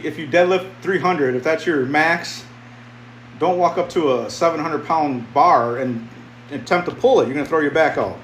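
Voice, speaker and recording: A man's voice: fairly high pitch, echoey room, poor audio. A man in his fifties chats through a live workout stream in a slightly raised voice, plainspoken and circling back over the same points. The sound bounces around a bare home basement, with a faint hum of room noise underneath. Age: 50s. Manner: plainspoken, rambling, repeats himself. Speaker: fitness streamer. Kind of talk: casual live-stream chat while lifting.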